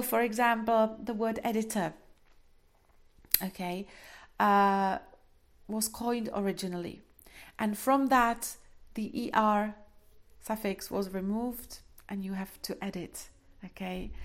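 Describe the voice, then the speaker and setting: A woman giving a classroom lecture, explaining step by step with many fillers and a frequent checking "okay?". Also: fairly high pitch. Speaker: linguistics lecturer.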